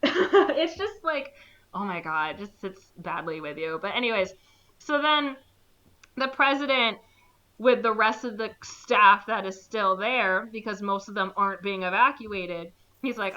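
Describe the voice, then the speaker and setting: A woman's voice: moderate pace, lo-fi sound. A woman co-hosting a podcast, retelling a film in casual chat and acting out the characters' lines. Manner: animated, acts out characters with jumps in pitch, many "like" fillers. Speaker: podcast co-host. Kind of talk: casual movie recap chat.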